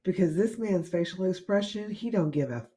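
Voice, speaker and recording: A podcast co-host telling a story in a casual, animated way, laughing often and cursing. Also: mid-range voice, moderate pace. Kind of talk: unscripted casual chat.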